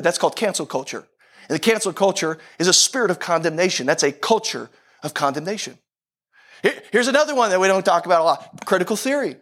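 A man with a high speaking voice gives a sermon in a loose, conversational manner. He often repeats his phrases to press a point home. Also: fairly bright tone. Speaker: pastor.

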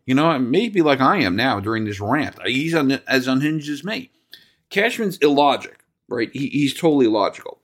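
A man's voice: medium pitch, big pitch swings, normal speed. Man from New Jersey, sports talk host, fired-up profane rant, sarcastic edge. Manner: angry, profane, sarcastic ranting.

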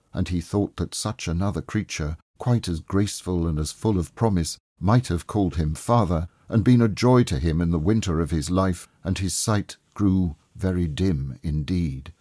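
A man narrating an abridged classic story in a measured, expressive audiobook reading. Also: low-pitched, husky, no echo, studio quality.

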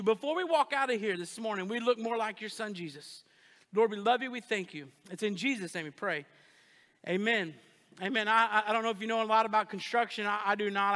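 A male pastor preaches in a very high, bright voice, joking and energetic, with frequent call-and-response asides. His voice rings with the long reverb of a church sanctuary. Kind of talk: sermon.

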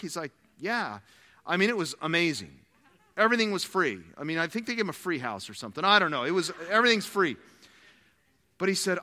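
A man preaching a sermon, telling stories with animated quoted dialogue. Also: high voice, fairly quick, long reverb tail. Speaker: pastor.

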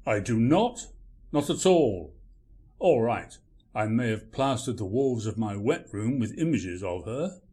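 An actor playing a grumpy, irritable writer with a curt, dry way of talking. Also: male voice, medium pitch, big pitch swings, measured pace, warm tone. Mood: wry. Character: grumpy, irritable male writer named Kilter.

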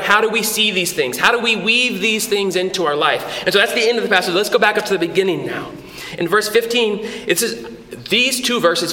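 A man preaching a sermon as a pastor, conversational and animated, with frequent restarts, in a church. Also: high-pitched. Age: adult with a son. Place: church hall. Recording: echoey church hall with long reverb.

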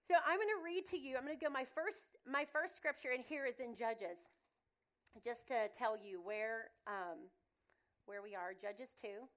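A middle-aged woman with a Southern accent, giving a sermon and telling funny family stories in a chatty, expressive way. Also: a little high, normal speed. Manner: chatty, humorous, expressive storytelling. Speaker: guest speaker.

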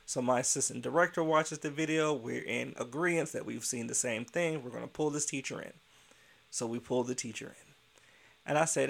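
A man who works as a childcare center director, telling a workplace story in a casual, blunt and animated way and acting out the dialogue. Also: medium pitch, brisk, gravelly.

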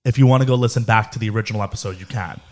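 A man's voice: fairly low pitch, very fast. A young man co-hosting a podcast, bantering casually and teasing the others. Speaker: podcast co-host.

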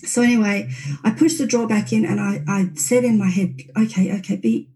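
Laughing woman telling a scary story. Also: a little fast. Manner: animated, laughing, rises high when reliving panic. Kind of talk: casual storytelling chat.

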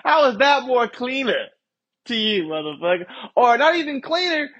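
In a casual storytelling monologue, this young podcast host meanders through a profanity-laced tale at a moderate pace, his very high voice sing-song and a bit bright. Laughter comes often, as does his refrain of "you feel me" to the audience. The recording is dull.

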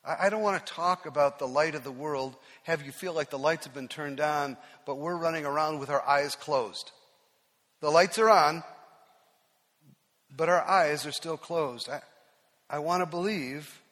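A man preaching in a church sanctuary, his voice sitting high for a man. He tells stories about himself with a self-deprecating, conversational touch and small restarts. The sound carries a long hall reverb. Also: measured pace, long pauses, fairly bright tone. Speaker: pastor. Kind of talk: sermon.

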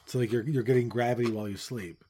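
A middle-aged man from with its holds forth in loose podcast chat. His voice is dark and mellow, and he rants bluntly, swearing freely as he goes. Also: mid-range voice, steady tone, quick pace, a little hiss or hum. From Newfoundland, Canada. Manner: blunt, profane ranting. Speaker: podcast co-host. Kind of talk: casual chat.

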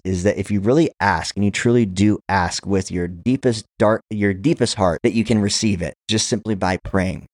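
A man hosting a podcast, coaching listeners through counted breathing and prayer in a steady, guiding way. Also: lowish voice, no echo, studio quality. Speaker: podcast host.

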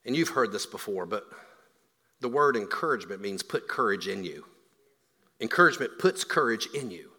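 A man preaching a sermon as a pastor, swinging from hushed, quiet lines to loud, emphatic build-ups. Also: on the low side, lively intonation, normal speed, husky. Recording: long hall reverb.

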